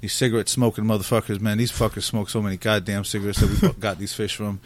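A man's voice: fairly low pitch, flat delivery, fast. A middle-aged man co-hosting a casual podcast, telling rambling, profane stories. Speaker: podcast co-host.

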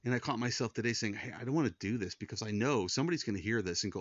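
A man's voice: fairly low pitch, lively intonation, rapid-fire, dry recording. A middle-aged man speaking in an earnest personal monologue as a Christian podcast host, often repeating words and restarting when moved. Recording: dull, dry lo-fi sound.

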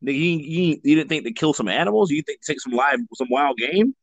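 Young man, profane joking banter, animated rising voice, dry close sound. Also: on the high side, quick pace, dry recording. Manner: joking, profane, laughs often. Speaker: co-host of a webtoon read-along. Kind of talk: casual chat with reading aloud.

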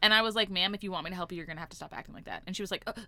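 A young woman co-hosting a podcast in casual chat, blunt and quick to laugh. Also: fairly low pitch, sharp tone, no room sound. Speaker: podcast co-host.

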